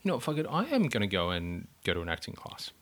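Man, podcast host, lively pitch, casual, loose questions, laughing. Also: fast talker. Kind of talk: casual interview chat.

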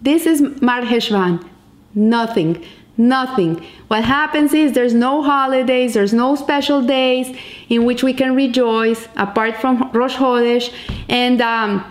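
A woman's voice: fairly high pitch, steady tone, a little slow, echoey room. A woman giving a spoken teaching in an explanatory, storytelling manner, often restarting her phrases. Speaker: Jewish teacher. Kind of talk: spoken teaching on the Hebrew calendar.

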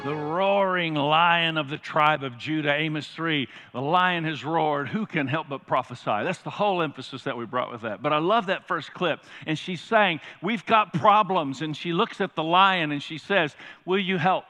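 Bright-voiced preaching pastor. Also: male voice, on the high side, moderate pace, few pauses, faint music behind. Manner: emphatic, questions the congregation. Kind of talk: sermon. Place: large church sanctuary. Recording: reverberant church hall.

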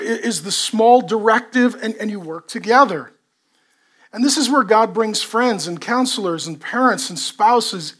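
A man, a pastor, preaching a sermon in a lively way, with repeated rhetorical questions to the congregation. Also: sits high.

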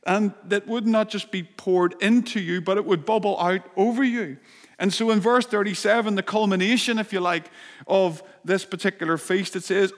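A man's voice: high-pitched, fairly even intonation, moderate pace. A man preaching a sermon and leading prayer, earnest and growing fervent as he reads scripture. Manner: earnest, rising to fervent when reading scripture. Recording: long hall reverb.

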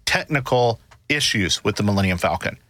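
A man's voice: fairly low pitch, animated, moderate pace, fairly bright tone, no echo. A man in a casual discussion, explaining his points at length with frequent restarts.

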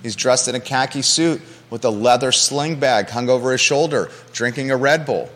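A man's voice: mid-range voice, moderate pace, fairly bright tone, long reverb tail. A man hosting a live local talk show from a studio, passionate and emphatic, often repeating his key points.

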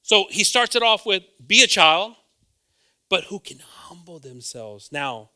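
An earnest male preacher delivers a sermon, leaning on repeated phrases for emphasis. His voice sits a little high and sounds very bright and forceful. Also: sing-song, a little slow.

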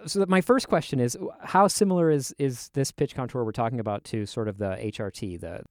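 A man's voice: mid-range voice, brisk, dry recording, studio quality. Curious man asking research questions. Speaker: host. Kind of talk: casual academic discussion.

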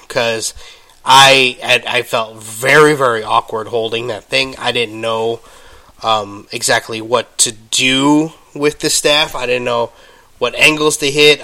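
Host, man, unhurried, bright tone, coughing as he recovers from illness, halting speech full of ums. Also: medium pitch. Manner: halting, with many ums and restarts. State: coughing, getting over an illness. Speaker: podcast host. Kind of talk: casual solo storytelling.

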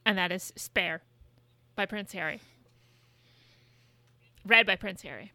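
A woman's voice: mid-range voice, slow pace, pushed and bright, no room sound. A woman co-hosting a podcast in casual chat, talking loosely with plenty of swearing and filler words. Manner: chatty, frequent swearing and hedging fillers. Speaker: podcast co-host.

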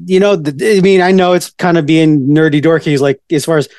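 A fairly high-voiced man in his forties, chatting as a podcast co-host. He rambles through stories with excited restarts. His voice sounds close and dry, with no room around it. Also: brisk, no room sound. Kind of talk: casual pop-culture chat.

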